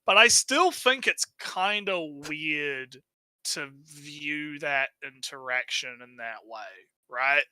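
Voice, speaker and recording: Man co-host, casual stream chat, sharp tense tone, fairly high voice, rambling and repetitive. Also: slow pace, smooth, no room sound, rough recording. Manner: rambling, tags lines with "right?"; repeats words when starting phrases.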